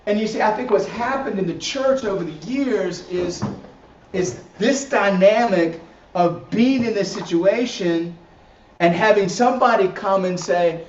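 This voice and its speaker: A man's voice: sits high, lively intonation, moderate pace. A man teaching a church class in a casual, repetitive way, restarting phrases and tagging points with "right?". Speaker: ministry teacher. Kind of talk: recorded teaching session. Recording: roomy, distant, dull lo-fi audio.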